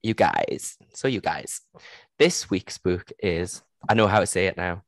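Low-voiced Geordie woman chatting books. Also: animated, unhurried, no room sound. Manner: chatty, swears freely, laughs often. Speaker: podcast co-host. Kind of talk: casual book-club chat.

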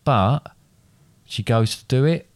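A man's voice: mid-range voice, slow pace, no room sound. A man casually retelling a fairy tale in a chat, rambling and correcting himself as he goes. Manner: rambling, self-correcting storyteller.

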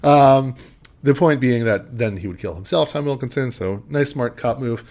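Guy rambling thru a movie plot on a podcast, medium pitch, lots of ums. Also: normal speed, darkish tone. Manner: rambling recap full of ums. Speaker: podcast co-host. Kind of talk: casual movie-recap chat.

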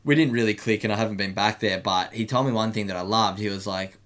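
A man's voice: on the low side, fast, fairly bright tone. A man hosting a podcast, supportive and affirming toward his guest. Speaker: podcast host. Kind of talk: casual interview chat.

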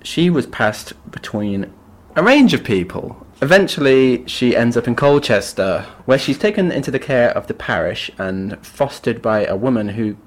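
A man's voice: mid-range voice, animated, moderate pace. A man co-hosting a podcast who gives background on a novel with dry, understated humor. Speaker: podcast co-host. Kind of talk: casual book discussion.

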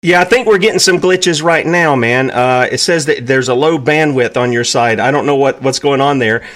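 A man's voice: medium pitch, moderate pace, fairly bright tone. A man hosting a live show, talking casually and rambling with many fillers. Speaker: host. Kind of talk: casual live-stream talk.

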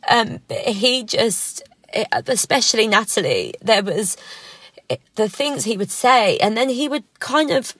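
Husky, gravelly woman guest, candid and emotional, dry close sound. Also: on the high side, big pitch swings, a bit bright, dry recording. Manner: emotional, halting, frank. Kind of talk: candid personal interview.

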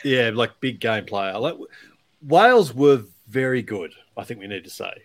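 A man's voice: mid-range voice, lively intonation, moderate pace. A man hosting a rugby podcast, chatty and easygoing, who laughs easily and steers the talk. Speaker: rugby writer, podcast host. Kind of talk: casual podcast chat.

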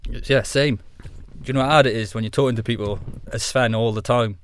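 A man's voice: mid-range voice, fairly even intonation, fairly quick, clear, resonant tone. A man from Wales chatting casually as a podcast guest, laddish and laughing, full of slang.

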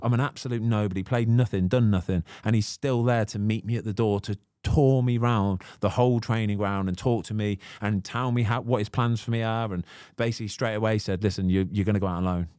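A man chats on a podcast, telling stories in a lively, slangy way. His voice sits fairly low. The sound is close and dry, with no room around it. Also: a little fast, few pauses, dry recording. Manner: chatty storyteller, lively, slangy. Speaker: guest footballer. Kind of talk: casual podcast chat.

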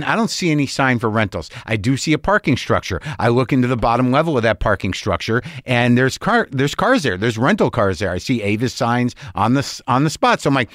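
A man's voice: mid-range voice, a bit bright, no echo, studio quality. An older man hosting a podcast, telling a rambling story with wry exasperation and acting out both sides of the conversation. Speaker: podcast host. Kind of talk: storytelling monologue.

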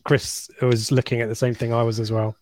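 A man's voice: medium pitch, little pitch movement, brisk, darkish tone, no room sound. A man hosting a casual football podcast, chatty and rambling, laughing at his own slips. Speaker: podcast host.

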